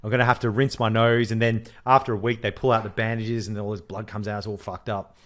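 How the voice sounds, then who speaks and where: A man co-hosting a podcast in casual chat, animated, swearing freely and mimicking others as he tells stories. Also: on the low side, quick pace. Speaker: podcast co-host.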